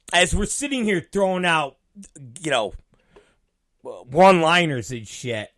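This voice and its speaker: A man hosting a show, rambling and swearing through a casual rant with a high, wildly swinging voice. He talks slowly but brightly, with a close, dry sound. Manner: rambling, profane, laughing. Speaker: show host. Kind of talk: profane casual podcast rant.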